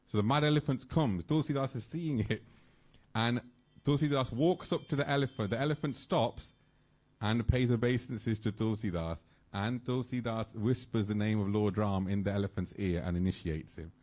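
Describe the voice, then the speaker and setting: A man with a low voice tells devotional stories at a temple gathering. He acts out the characters' lines with lively energy. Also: moderate pace. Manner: animated storyteller, acts out dialogue. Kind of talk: storytelling talk. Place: temple hall.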